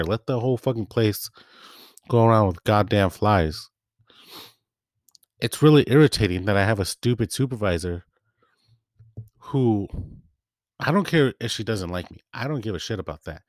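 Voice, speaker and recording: A man's voice: lowish voice, animated, moderate pace, pauses often, dry recording, clean studio sound. A young man venting about work in a casual rant, swearing and retelling back-and-forth exchanges. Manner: profane, heated, retells quoted exchanges. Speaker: part-time bakery packager.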